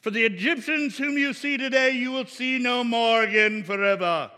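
Man doing a booming old-movie moses, slow and commanding, big hall reverb, bright tone. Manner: loud, slow, commanding proclamation. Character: Moses as a booming old-film prophet, male.

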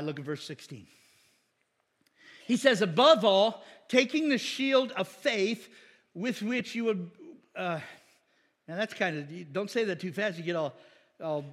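A man's voice: high-pitched, fairly bright tone, long reverb tail. A man preaching a sermon in a folksy, emphatic way, often calling for amens.

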